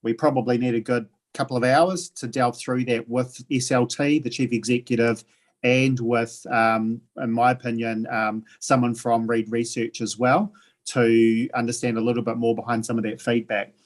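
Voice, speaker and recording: A man's voice: mid-range voice, little pitch movement. New Zealand man chairing a council meeting. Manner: halting, many fillers and restarts.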